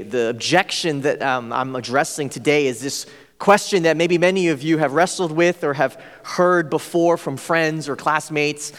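A man's voice: on the high side, in a large hall. A man preaching a sermon, telling a personal story in an earnest way with frequent fillers.

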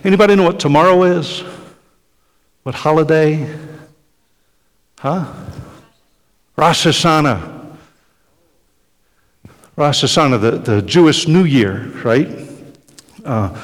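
A middle-aged man preaching a sermon in a conversational way, often checking in with "right?" and acting out quoted speech with big swings in loudness. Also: fairly high pitch, slow pace, pauses often. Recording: long hall reverb.

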